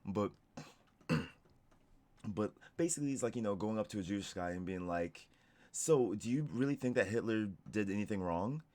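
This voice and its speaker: A man's voice: lowish voice, animated, moderate pace, dark tone. A young man streaming casual reaction commentary, rambling with lots of "like" and restarts. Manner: rambling, heavy use of "like" and restarts.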